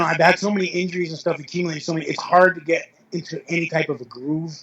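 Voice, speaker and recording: In a lo-fi recording, a veteran powerlifter in middle age chuckles and corrects himself as he rambles through stories for an interview. His fairly bright voice sits on the high side.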